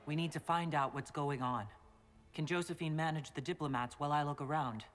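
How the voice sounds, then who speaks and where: A man plays an earnest male hero leader in a fantasy video game, speaking plainly and steadily. His voice sits a bit higher than most men's. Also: fairly even intonation, fairly quick, a bit bright, close to an everyday voice.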